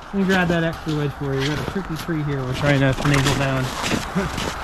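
A man teaching logging outdoors by a road, relaxed and practical, talking through the job. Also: on the high side, fairly quick, very noisy. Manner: relaxed, practical, talkative explaining.

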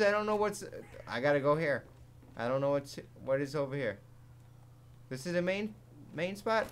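A man giving live commentary over a zombie game, excitable and jumpy, swearing often and laughing at his own jokes. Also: high-pitched, normal speed, pauses often, smooth. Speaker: gaming commentator.

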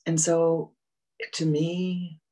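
Slow, husky-voiced spiritual teacher. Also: medium pitch, level tone, low-quality recording. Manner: slow, gentle and repetitive, fading to soft murmurs. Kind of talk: meditative dharma talk.

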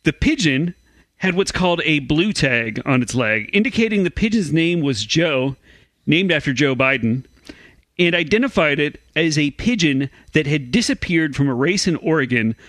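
A man reads odd news items on a comedy podcast, slipping in dry asides. His voice is high and bright. It is recorded dry and close. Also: animated, moderate pace, dry recording. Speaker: podcast co-host reading news.

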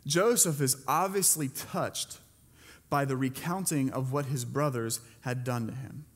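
A man's voice: medium pitch, unhurried, in a large hall. A male pastor giving a sermon, retelling a Bible story in a conversational way and putting questions to the congregation. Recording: preached to a church congregation.

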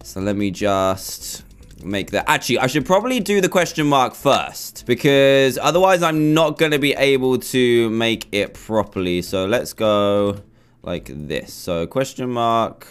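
A man's voice: medium pitch, lively intonation, measured pace, clear, resonant tone. A young man commentating his own gameplay, chatty and flustered as he talks himself through a build. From England. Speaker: gaming YouTuber.

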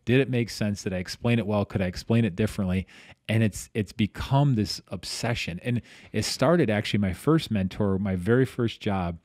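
In studio-quality audio with no echo, a middle-aged man speaks at normal speed in a voice on the low side. He's a physical therapist guesting on a podcast, casually telling animated stories, acting out quoted voices and often restarting.

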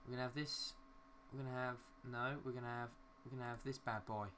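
A mid-range, slightly bright voice comes quick and flat from a young gaming YouTuber, with a faint hiss or hum. Building in a city game, he talks to himself in a loose, rambling way and mildly swears at glitches.

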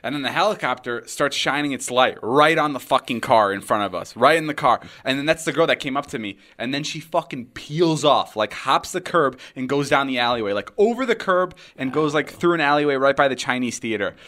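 A man's voice: medium pitch, a little fast, few pauses. A young man, a podcast host, telling a wild story in casual chat, swearing and acting out the quotes. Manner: animated, swearing often, acts out quotes.

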